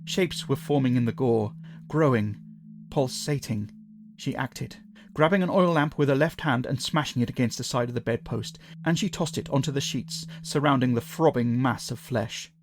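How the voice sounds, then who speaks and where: A man narrating a scripted horror story in a measured, dramatic way. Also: medium pitch, slight background noise.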